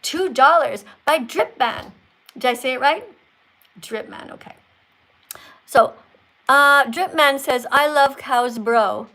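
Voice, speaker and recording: A woman's voice: high-pitched, takes it slowly, long pauses, sharp tone. A woman in her sixties hosting a livestream, chatting casually, teasing callers and reading viewer comments aloud. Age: 60s. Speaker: livestream host.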